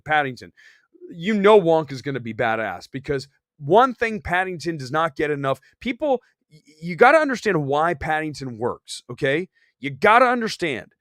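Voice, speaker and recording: A man hosting a live movie talk show, opinionated and animated, talking fast and reacting to chat comments. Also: a little high, dry recording, clean studio sound. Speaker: host. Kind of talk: casual live-stream film chat.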